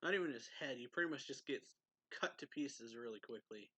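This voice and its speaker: A man casually reviewing a manga chapter, rambling with many fillers and clearing his throat often. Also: medium pitch, expressive, brisk, pushed and bright, dry recording.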